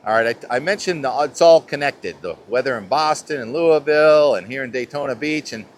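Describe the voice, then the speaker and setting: A man's voice: medium pitch, a little fast, a little hiss or hum. A man talking casually through a weather forecast outdoors, chatty and rambling, breaking off mid-thought. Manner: chatty, rambling, self-interrupting. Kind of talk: casual live weather show. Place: outdoors at a beach.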